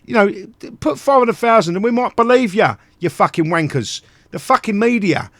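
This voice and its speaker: British male livestream host, high voice, dry close sound, furious profane ranting. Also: expressive, moderate pace, a bit bright, no room sound. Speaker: live stream host. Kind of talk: livestream rant.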